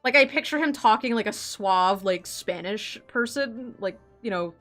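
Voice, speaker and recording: An artist chats casually as she draws, rambling, giggling, and using plenty of filler words. Her mid-range voice is fairly bright, with lively intonation and a moderate pace, over soft background music.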